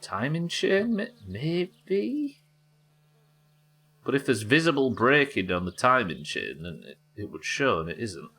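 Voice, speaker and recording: A man's voice: medium pitch, sing-song, a little slow, bright, forceful tone, breathy edge. A man from England, streaming a game live and thinking aloud as he chats with viewers. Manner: muttering to himself, thinking aloud. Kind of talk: live gameplay commentary.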